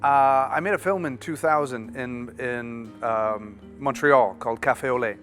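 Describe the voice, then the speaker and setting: A man, an actor, talking casually as a studio guest, relaxed and self-deprecating with stammered restarts. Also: medium pitch, moderate pace, soft background music. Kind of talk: casual interview chat.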